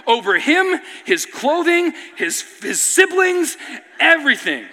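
Male pastor, sermon storyteller, high and lively voice, animated, reverberant hall. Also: slow. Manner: animated, builds to near-shouting excitement; keeps asking "right?" of the audience. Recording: long reverb of a large hall.

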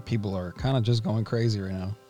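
A man's voice: on the low side, a little fast, warm tone, soft background music. A man co-hosting a podcast in casual chat, joking and laid-back, using lots of slang. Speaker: podcast co-host.

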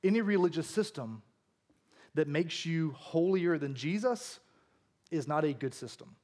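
A man preaching a sermon as a pastor, telling stories in an animated, humorous way. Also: fairly high pitch, unhurried.

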